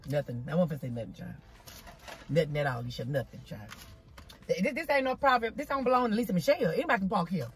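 Husky-voiced woman in a chatty eating vlog. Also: on the high side. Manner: chatty and folksy, drawls "child" and "y'all"; talks while eating. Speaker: vlogger eating on camera. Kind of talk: casual chatty mukbang vlog. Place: outdoors in a parking spot. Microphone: phone camera.

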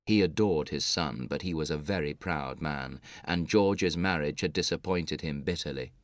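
A man narrating a story for English learners in a measured, clear reading. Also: very deep voice, no echo.

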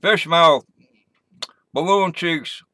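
A man chatting slowly and loosely through a casual vlog, cracking silly jokes and laughing at his own lines. His voice is bright and forward, and the sound is dry and close. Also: fairly high pitch, no room sound, low-quality recording. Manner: goofy, jokey, laughs at himself. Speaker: vlogger.

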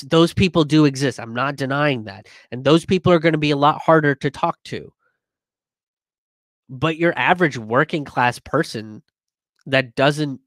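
Guy riffing on viewer comments, mid-pitch voice, dead dry sound, keeps restarting sentences. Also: no room sound. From immigrant. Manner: conversational, many fillers and restarts, animated when quoting others. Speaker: comedian and show host reading viewer comments. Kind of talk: casual livestream commentary.

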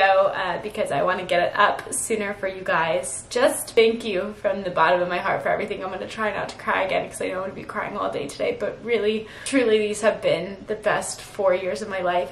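A woman in her twenties talks to the camera in a sentimental, rambling vlog, close to tears and full of fillers. Her mid-range voice has a fairly bright tone, and the low-quality recording sounds roomy with slight background noise.

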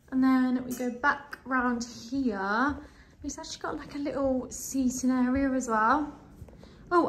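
A young woman in her twenties chatting excitedly in a casual travel vlog, a little out of breath, showing off her hotel room. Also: sits high, slight background noise. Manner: chatty, bubbly, easily excited. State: slightly out of breath. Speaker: vlogger. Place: hotel room in hot weather.

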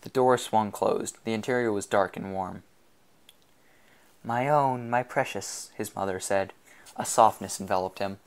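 Male audiobook reader, lowish voice, steady and measured. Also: creaky. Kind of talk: scripted novel narration.

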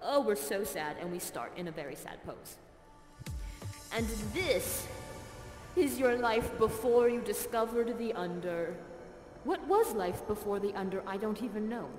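An actress playing Rhonda, a bubbly, encouraging dance guide leading the audience through a playful performance in a live virtual theater show. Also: female voice, mid-range voice, animated, measured pace, a little mellow, roomy sound, big-room sound, faint music behind, natural voice.

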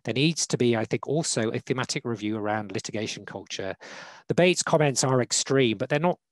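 A man speaking as a law panelist in a formal online talk, measured and hesitant with frequent fillers, on a video call. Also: medium pitch, lively intonation, no echo, rough recording. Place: online webinar.

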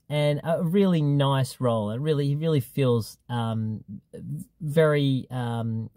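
Mellow-voiced man reviewing a film. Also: medium pitch, dry recording, studio quality. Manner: hesitant, many ums and restarts. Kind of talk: casual spoken film review. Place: in a car.

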